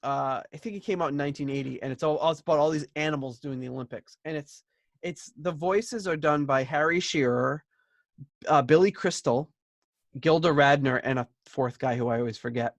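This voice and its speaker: A man's voice: on the high side, a little fast, dry recording. A man in his thirties hosting a podcast, chatting casually and rambling about an album, laughing easily. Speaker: podcast host. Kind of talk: casual album review chat.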